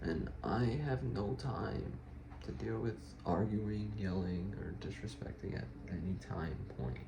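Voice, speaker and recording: A young man giving a rambling, halting life update for his vlog, with frequent restarts. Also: lowish voice, creaky, roomy sound, background noise. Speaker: vlogger.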